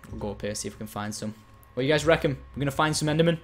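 A man with a medium-pitched voice talks very fast as he streams a game, his live commentary excitable. He chats with the audience and thanks them along the way.

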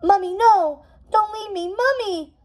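A woman's voice: very high voice, normal speed, darkish tone, voice pushed up. A woman voicing a grown prince who whines and wails like a small child for his mother, read aloud from a storybook. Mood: wailing. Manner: plaintive, wailing. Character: whiny childish adult prince, a man. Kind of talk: storybook readaloud.

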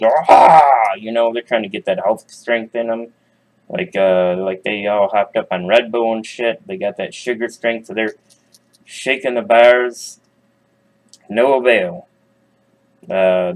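Man, low voice, comic storyteller, profane, chatty asides. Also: fairly even intonation, unhurried, poor audio.

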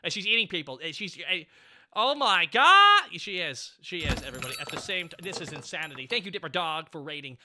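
An excitable man in his thirties hosts a casual stream chat, with a high, very bright and forceful voice. He gushes, thanks people and breaks into sudden yelps. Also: racing, few pauses. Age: 30s. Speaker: streamer host.

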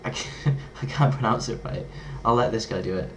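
A chatty man with a lowish voice talks straight to camera in a loose, playful way. He trips over hard words and laughs at his own fumbles. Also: moderate pace, fairly bright tone, slight background noise. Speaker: vlogger. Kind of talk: casual talk to camera.

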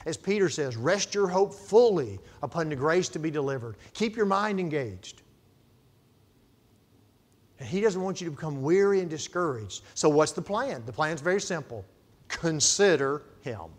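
This middle-aged pastor preaches through stories, his slightly high voice animated and moving at a moderate pace. He swings from loud emphasis to quiet asides.

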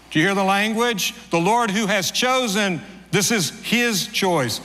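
A man's voice: animated, measured pace, bright, forceful tone. A middle-aged male pastor giving a sermon in a conversational, storytelling way. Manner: conversational storytelling preacher, rises in pitch for acted dialogue. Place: church sanctuary. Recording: long church-hall reverb, faint ambience.

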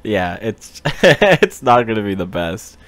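A man with a somewhat low voice hosts a casual chat. He is laid-back and offhand and swears freely as he talks. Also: sing-song, slow pace, fairly bright tone. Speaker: host.

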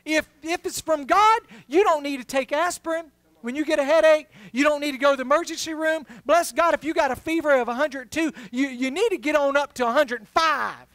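Pastor, middle-aged man, high voice, close dry mic; jokes, then preaches hard. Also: fairly quick, fairly bright tone, no room sound. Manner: humorous storytelling, rising to emphatic preaching. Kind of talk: sermon.

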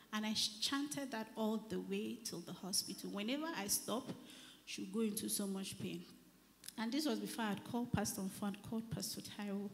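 A woman with a Nigerian accent giving an earnest church testimony, often dropping to a near whisper before rising loud again. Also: mid-range voice. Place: church service. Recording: reverberant church hall, faint noise.

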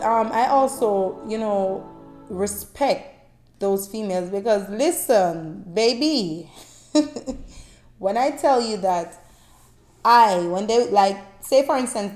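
A woman with a lilt tells her story to camera in a loose, conversational way, her voice getting loud and bright at moments and dropping soft and low at others. Her voice sits in a middle register. The room around her sounds roomy and echoey, with faint music underneath. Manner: chatty, heartfelt, drifting between loud bursts and soft tones. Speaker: vlogger.

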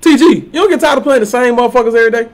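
A man's voice: extremely high pitch, racing. A man live-streaming a video game, talking loosely in slang and trash-talking other players. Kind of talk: casual live-stream chat.

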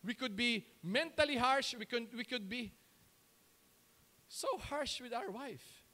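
A man's voice: extremely high pitch, a little slow, pushed and bright. A man with a Filipino accent, a pastor preaching a sermon in Taglish, firing rhetorical questions and answering them himself.

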